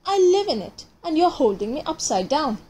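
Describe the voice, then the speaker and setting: A woman's voice: high-pitched, very animated, moderate pace, dark tone, a little hiss or hum, voice pushed up. A woman voicing a small timid young bird that cannot fly, speaking in a small earnest way.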